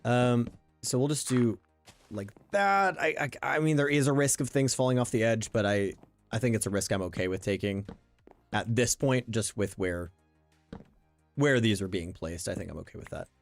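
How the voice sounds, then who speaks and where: A man streams a survival game, speaking casually at normal speed in a lowish voice with vocal fry. He thinks aloud while playing, often restarting sentences, as faint game music plays behind him.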